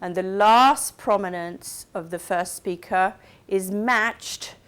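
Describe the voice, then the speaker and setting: A woman's voice: medium pitch, takes it slowly, a bit bright, clean tone. A woman giving a recorded university lecture, explaining step by step and checking in with her listeners. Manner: explains carefully, checks in with "okay?" and "right?".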